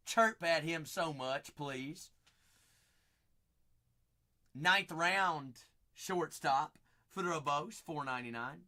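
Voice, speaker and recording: Guy hosting a card break stream, bright sharp voice, slow drawn-out delivery, playful and sing-songy. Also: a little high. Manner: playful, sing-song, bursts of shouting; rattles off names rapidly.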